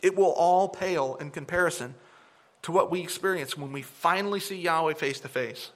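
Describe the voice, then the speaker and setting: A man delivers an animated, emphatic sermon to a gathered congregation. His voice sits a little above the usual male pitch and rises sharply when he makes his points. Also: moderate pace. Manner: animated, emphatic, mocking impressions of opponents. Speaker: preacher.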